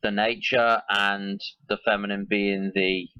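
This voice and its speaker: A man's voice: fairly low pitch, little pitch movement, measured pace, pushed and bright, clear, resonant tone, dry recording, highs cut off. A man hosting his own video, talking casually and in a rambling way as he links one idea to the next. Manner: musing, loosely connects ideas. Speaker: video host.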